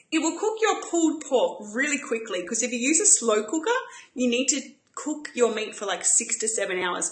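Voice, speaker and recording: Bubbly woman, bright and high. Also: roomy sound. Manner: bubbly, enthusiastic, chatty. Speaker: cooking show host. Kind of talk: live-streamed cooking demonstration.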